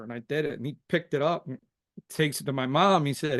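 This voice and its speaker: A middle-aged man from Philadelphia, a podcast guest telling stories from his youth in a lively, casual way and tacking "man" onto most sentences. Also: a little high, brisk. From Philadelphia, USA. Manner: animated, says "man" constantly. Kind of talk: casual storytelling interview.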